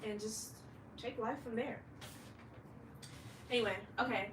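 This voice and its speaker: A woman's voice: fairly high pitch, expressive, unhurried, long pauses, roomy sound, recorded from a distance, slight background noise, low-quality recording. A woman in her late twenties, a fashion designer, talking candidly in a rambling vlog monologue and swearing freely. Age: late 20s.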